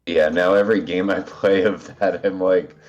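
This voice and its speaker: Heard over a phone on speaker with muffled lo-fi sound, a congested man with a low voice talks at a normal speed. He's a guest player on an online game stream, relaxed and rambling, hesitating often with fillers.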